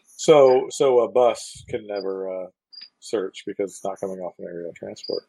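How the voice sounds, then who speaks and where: A man's voice: on the low side, normal speed, gravelly, dark tone, slight background noise, low-quality recording. A man on a podcast panel, asking clarifying questions in casual chat. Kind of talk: casual tabletop wargame chat.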